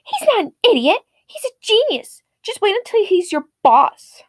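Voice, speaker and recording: A snooty entitled mother with a sharp, condescending voice that rises high and swings widely, as a woman acts her out. She sneers and dismisses everyone, dry and close to the mic. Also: sing-song, moderate pace, no room sound. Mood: haughty.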